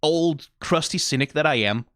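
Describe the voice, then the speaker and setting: A man's voice: fairly high pitch, moderate pace, a bit bright, dry recording, clean studio sound. A Danish man with a Danish accent giving a casual, rambling reaction commentary in a wry, self-deprecating way. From Denmark. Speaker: video reaction creator.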